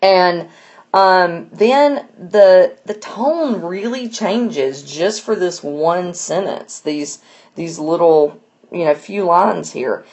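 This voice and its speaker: A woman with a low voice walks listeners through a poem line by line. She explains in a loose, chatty way, full of fillers and restarts. The tone is that of a relaxed lesson. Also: slow pace. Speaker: teacher. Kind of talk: casual poetry lesson.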